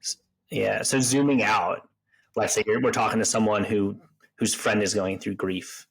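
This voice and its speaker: A man's voice: on the low side, steady tone, normal speed, creaky, slightly rough, rough recording. A man hosting a podcast interview, reflective and sympathetic, often restarting his sentences. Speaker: podcast host. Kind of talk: interview conversation.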